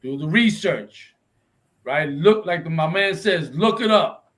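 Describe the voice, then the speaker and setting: An animated man with a higher, slightly bright voice speaks unhurriedly on a low-quality recording. This religious instructor teaches a confrontational Bible lesson in English and Spanish, and his emphatic style includes constant "right?" checks to press for agreement.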